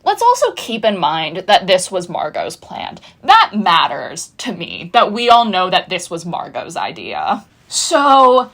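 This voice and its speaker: A woman's voice: on the low side, wildly swooping pitch, measured pace, vocal fry, hardly any pauses, fairly bright tone. A woman in her twenties giving a casual, sardonic recap of a TV season, chatting and acting out the characters' lines. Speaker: video essayist.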